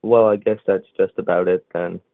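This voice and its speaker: Male caller, low and creaky, unsure and stumbling, phone-line audio. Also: steady tone, dry recording. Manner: hesitant, halting, many false starts. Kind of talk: call-in debate. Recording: dry tinny phone line.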